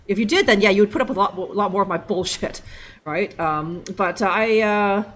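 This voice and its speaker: A woman's voice: medium pitch, normal speed, a bit bright. A young woman streaming a game live, joking and rambling with lots of fillers. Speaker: livestream gamer. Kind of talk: casual live gameplay commentary.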